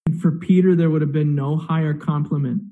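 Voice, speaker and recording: A man's voice: on the high side, steady tone, a little fast, narrow, tinny audio. A man preaching a sermon, retelling a story with acted-out quotes and rhetorical questions. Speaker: pastor.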